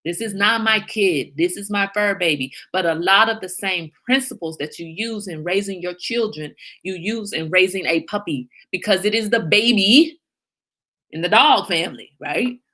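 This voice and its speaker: A middle-aged woman hosting a livestream, chatting casually and emphatically with viewers and telling animated stories. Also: medium pitch, moderate pace. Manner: animated storyteller, emphatic, reads viewer comments. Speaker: livestream host.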